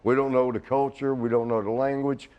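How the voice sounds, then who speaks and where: A man's voice: mid-range voice, little pitch movement, fairly quick, muffled recording. Rambling middle-aged man in a shoot interview. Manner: rambling, restarts often, laughs at his own jokes. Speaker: interview guest, retired wrestler. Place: studio.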